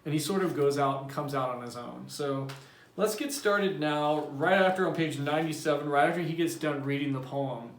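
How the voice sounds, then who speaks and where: A man's voice: on the high side, normal speed, a little hiss or hum. Male teacher reading aloud in a roomy room. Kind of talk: reading a novel aloud to class. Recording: roomy echo.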